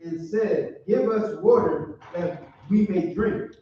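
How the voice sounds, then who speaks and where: A man reading scripture aloud slowly and haltingly as a student. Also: sits high, warm tone. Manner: slow, halting reader. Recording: distant, echoey, dull recording with faint noise.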